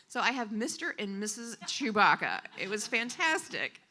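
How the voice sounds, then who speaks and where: A woman gives spoken voice to a storyteller at a live coffee shop event. Her pitch leaps and swoops freely as she retells it with animated expression, at a middling pitch for a woman. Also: brisk. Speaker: sign language interpreter voicing a storyteller.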